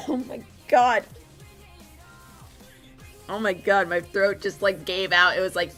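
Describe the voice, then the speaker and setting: A woman's voice: lowish voice, measured pace, pauses often, fairly bright tone, soft background music. A young woman streamer chatting casually and rambling while she draws, with a dry, sore throat. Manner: chatty, rambling, swears freely. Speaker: streamer and artist.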